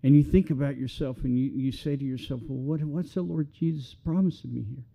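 A man's voice: mid-range voice, steady tone, brisk, gravelly, dark tone. A middle-aged man preaching a sermon as a pastor, talking in an earnest, conversational way that builds to passionate appeals.

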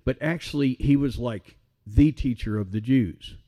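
A middle-aged pastor preaching a sermon in a relaxed, conversational way, often checking in with his listeners. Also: mid-range voice, moderate pace. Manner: conversational, asks the audience questions.

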